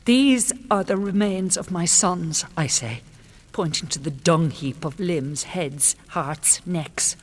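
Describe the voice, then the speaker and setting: Husky, defiant grieving queen. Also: fairly low pitch, takes it slowly. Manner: bitter, defiant, with hushed whispered asides. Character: proud, grieving older queen, defiant and bitter.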